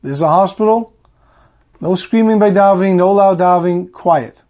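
A man's voice: sits high, normal speed, mellow, lightly acted. A man voicing a stern, impatient hospital professor who speaks bluntly and scolds.

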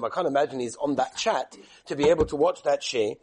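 A rabbi gives a live class, rambling and joking with his listeners between points as the audience murmurs and laughs around him. His fairly high voice is darkish with a breathy edge, and he speaks briskly with few pauses.

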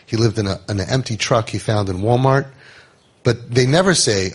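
A middle-aged man, telling stories from founding a home for troubled youth to parents, conversational and animated. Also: medium pitch, a little fast, slightly rough. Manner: conversational, animated, acts out quotes. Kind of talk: storytelling talk to parents.

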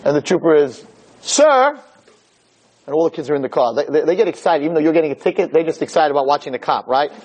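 High voiced guy giving a religious lecture, animated storytelling. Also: rapid-fire, hardly any pauses, husky, low-quality recording. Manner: animated storytelling, acting out scenes.

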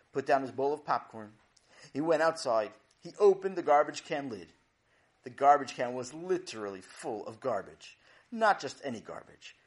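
Animated male children's storyteller. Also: medium pitch. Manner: animated, playful, dramatic build-ups.

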